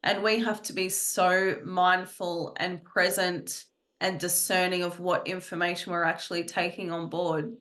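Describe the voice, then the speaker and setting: A woman's voice: on the low side, little pitch movement, measured pace, a bit bright. A woman guest in an interview, speaking earnestly about her spiritual teachings and often repeating phrases. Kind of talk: reflective conversational interview.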